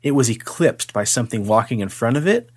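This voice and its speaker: A man co-hosting a podcast, telling a spooky story in a casual, animated way, swearing freely and acting out the voices. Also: medium pitch, a little fast, husky, dry recording, studio quality.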